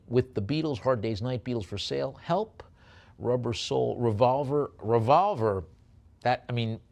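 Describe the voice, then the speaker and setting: Older male auctioneer, New York accent, rapid bid calls mixed with wry jokes, mid-range voice. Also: mid-range voice, darkish tone. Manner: chatty, joking asides between rapid bid calls. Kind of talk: live auction calling.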